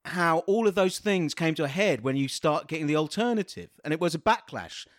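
A man's voice: on the high side, lively intonation, brisk, no echo, studio quality. A man co-hosting a podcast, chatting casually with profane asides. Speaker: podcast co-host. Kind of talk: casual chat.

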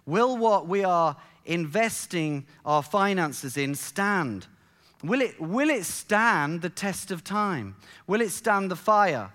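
A middle-aged pastor preaching with a high-pitched voice. He stumbles and restarts, then builds his lines to emphatic peaks as he tells a story to his congregation. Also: big pitch swings, slow pace, fairly bright tone. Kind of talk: sermon.

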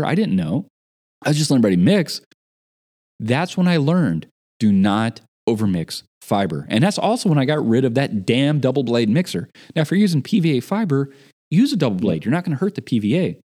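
A man in casual chat, telling an animated story about a job gone wrong. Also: medium pitch, fast talker, husky. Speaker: podcast guest.

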